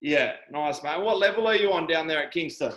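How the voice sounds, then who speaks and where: A young Australian man hosts a casual chat over a video call. His voice sits a little high. He talks in a chummy, halting way and throws in "mate" almost every line. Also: lively intonation, a bit bright, rough recording. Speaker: host.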